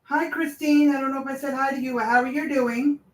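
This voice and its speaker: A woman's voice: high-pitched, fairly even intonation, brisk. A woman in her forties chatting casually on a livestream, rambling in trailing asides and greeting viewers. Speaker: livestream host.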